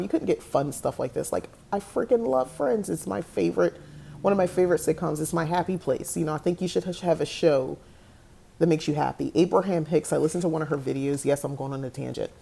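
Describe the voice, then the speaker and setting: A woman's voice: deep voice, creaky, dark tone, breathy edge. A woman hosting a casual video, talking loosely to the camera, laughing often and drifting into tangents. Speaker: podcast host.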